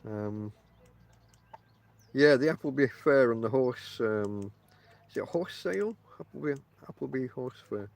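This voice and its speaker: A man's voice: mid-range voice, animated, unhurried, creaky, a little mellow. A middle-aged man with a mixed Yorkshire and Lancashire accent, hosting a casual podcast and rambling through his stories with many ums and restarts. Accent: northern English, mixed Yorkshire and Lancashire. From England. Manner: meandering, chatty, many ums and restarts, addresses listeners directly. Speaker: podcast host. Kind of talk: casual rambling monologue to listeners. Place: outdoors on the coast.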